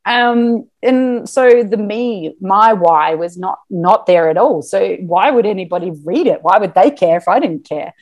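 A woman's voice: medium pitch, measured pace, hardly any pauses. Chatty woman, lots of fillers. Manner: chatty and animated, many fillers. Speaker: podcast guest, marketing business owner. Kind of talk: casual interview chat.

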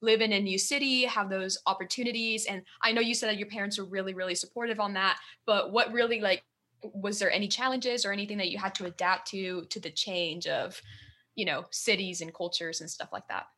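A woman hosts a relaxed interview with a bright, sharp tone at a middle pitch. She cheers her guest on and winds through long, loose questions. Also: fairly quick. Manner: encouraging, asks long rambling questions. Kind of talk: casual interview chat.

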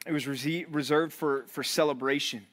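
A high-pitched man delivers a fervent sermon as a pastor. He swells with intensity, then drops low and quiet for emphasis, repeating phrases as he presses his point. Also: steady tone, normal speed. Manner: earnest preaching, voice swelling and dropping low for emphasis; repeats and restarts words while building intensity.

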